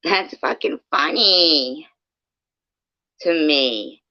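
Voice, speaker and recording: A woman chats with her viewers at an unhurried pace, cracking jokes and laughing often. She swears freely. The sound is dull and lo-fi, with a dry room. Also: sits low, animated, sharp tone, no echo. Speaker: streamer chatting with viewers. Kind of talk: casual live chat.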